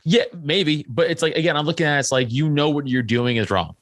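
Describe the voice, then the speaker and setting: A young man from Staten Island, a comedian guest, telling stories in a casual interview, animated and profane with many filler likes. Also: a little high, fast talker, dry recording. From Staten Island, New York.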